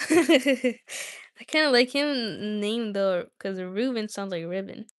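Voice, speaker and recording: A woman's voice: mid-range voice, slow pace, smooth, no room sound, studio quality. A woman hosting a livestream, talking casually and giggling as she chats straight to her viewers. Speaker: livestream host.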